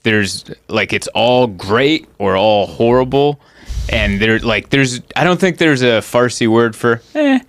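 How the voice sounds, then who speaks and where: Animated, laughing male comedy podcaster. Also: mid-range voice, a little slow, no room sound. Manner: laughs often, animated storytelling. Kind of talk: casual comedy chat.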